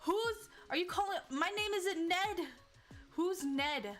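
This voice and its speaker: A young woman streaming casually, excitable and giggly, with lots of fillers and restarts. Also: extremely high pitch, slow, soft background music. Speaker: VTuber streamer. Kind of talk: casual livestream chat.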